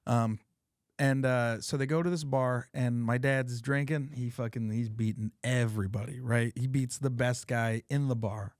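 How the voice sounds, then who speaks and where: A man hosting a podcast, telling funny family stories in a casual, profane, animated way. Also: mid-range voice, normal speed, dry recording, clean studio sound. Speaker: podcast host. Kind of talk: casual chat, storytelling.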